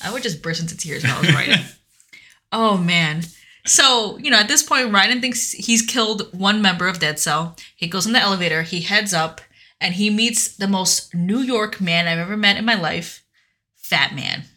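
Chatty woman with a bright voice. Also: medium pitch, moderate pace. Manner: animated storytelling, many fillers. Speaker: podcast co-host. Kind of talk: casual chat.

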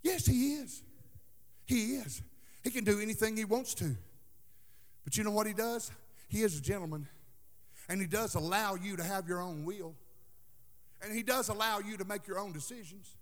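High bright-voiced pastor preaching hard, sing-songy, goes soft then yells, big echoey church w faint music. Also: male voice, normal speed, long pauses. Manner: fervent preaching, swings from hushed to shouting, sing-song cadence. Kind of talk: sermon. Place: church sanctuary.

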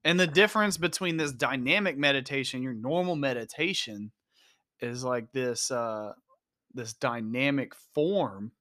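A man's voice: mid-range voice, a little slow, sharp tone, no room sound, clean studio sound. A young man co-hosting a casual podcast, talking loosely with swearing and lots of "like" and "whatnot". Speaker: podcast co-host.

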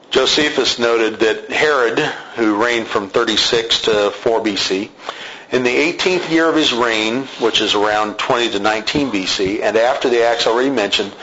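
A man's voice: medium pitch, fairly bright tone, lo-fi sound, slight background noise. A man teaching through a Bible passage verse by verse, in a conversational way, with asides and self-corrections.

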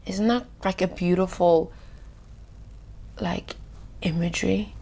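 A woman giving an informal Bible reflection. She talks casually with many fillers, acts out the scenes, and often drops to a hushed voice. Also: on the low side, measured pace, long pauses. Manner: expressive, acts out the scripture scenes. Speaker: devotional podcast host.

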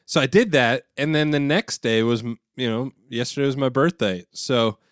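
A man who is a pastor and podcast co-host, telling stories in a relaxed, rambling way. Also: medium pitch, moderate pace, clean tone, no echo, clean studio sound. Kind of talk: casual podcast chat.

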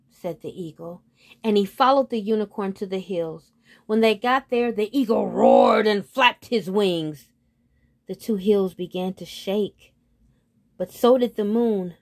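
A woman storyteller reading a fairy tale aloud in a gentle, soothing manner. She takes her time, with an unhurried, measured pace. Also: mid-range voice.

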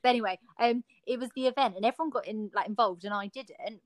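A woman's voice: fairly high pitch, fast talker, no room sound. A woman co-hosting a podcast, telling a story in a chatty way with fillers. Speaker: podcast co-host. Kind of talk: casual storytelling chat.

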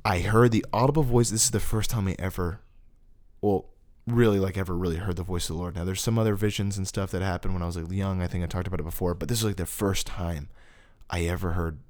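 A man in his twenties, a podcast co-host, telling a personal faith story in casual chat and acting out voices from shouts to whispers. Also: low voice, fast. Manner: animated storyteller, acts out voices from loud yells to hushed whispers.

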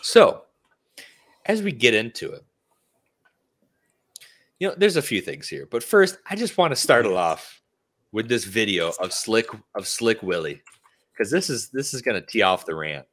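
Animated man ranting with rhetorical questions. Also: fairly low pitch, measured pace, pauses often. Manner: heated, full of rhetorical questions. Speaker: podcast host. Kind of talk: casual opinion rant.

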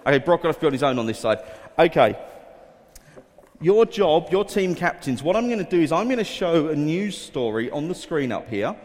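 A man's voice: a little high, sing-song, brisk, a little mellow. A man leading a quiz for children in a school hall, coaxing volunteers and reading headlines aloud in an upbeat way. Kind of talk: addressing a room of children. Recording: echoey hall reverb.

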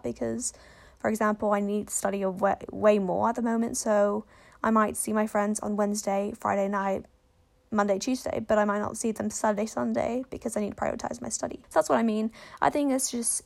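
A woman's voice: a little high, gravelly, darkish tone. A young woman hosting a podcast, chatting in a frank, rambling way. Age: young adult. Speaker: podcast host. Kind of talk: casual chat.

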